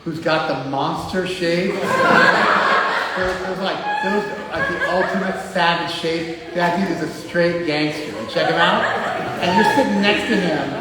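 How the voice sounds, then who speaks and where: A man with an American accent giving a casual, teasing spiritual lecture to a live class. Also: on the high side. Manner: joking, teasing, conversational with frequent "like". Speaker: spiritual teacher. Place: class room in front of a group. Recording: echoey hall, mic far off.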